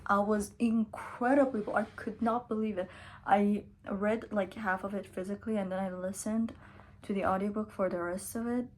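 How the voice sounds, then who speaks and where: A young woman who runs a book vlog chats casually, sounding tired, drawing her words out slowly and occasionally dropping to a whisper. Her mid-range voice stays steady, with a slight hiss or hum in the recording.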